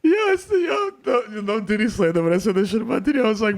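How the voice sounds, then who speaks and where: A man with a slightly high voice, talking in excitable, slangy banter. His voice is close and dry, with no room sound around it. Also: no room sound. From the Bronx, New York. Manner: excitable, slangy, quick to laugh along. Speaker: podcast co-host. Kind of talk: casual comedic banter. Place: at home, remote podcast.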